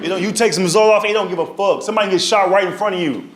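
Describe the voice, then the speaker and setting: A man's voice: high voice, racing. A man doing a stand-up set on stage with a handheld mic, telling stories in loose slang and tossing in tag questions. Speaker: stand-up comedian. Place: comedy stage before a live audience. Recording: live audience laughter.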